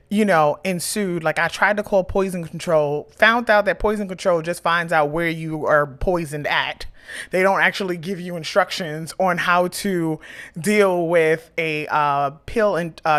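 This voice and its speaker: Woman host telling a raw personal story, lowish voice, gets loud and quiet with it. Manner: emotional, animated retelling with quoted dialogue. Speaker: podcast host and emotional intelligence coach.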